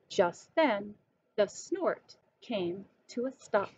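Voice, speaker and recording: A woman slowly and deliberately reading a children's picture book aloud. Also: mid-range voice, very animated, darkish tone. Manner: slow, clear and deliberate. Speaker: storybook reader. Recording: dull lo-fi recording.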